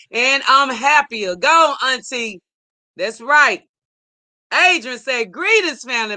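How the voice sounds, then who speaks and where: A woman's voice: high-pitched, pushed and bright. A middle-aged woman hosts a live stream, reading viewer comments aloud and preaching emphatically, repeating her points for emphasis. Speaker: livestream host.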